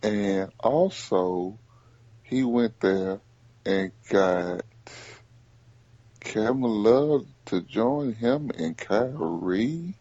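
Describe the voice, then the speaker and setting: Dude hosting a sports podcast, pitch jumping all over, mellow kinda husky voice, dull lo-fi sound. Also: male voice, no echo. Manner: animated, repeats himself, rapid bursts. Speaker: podcast host. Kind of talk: casual sports chat.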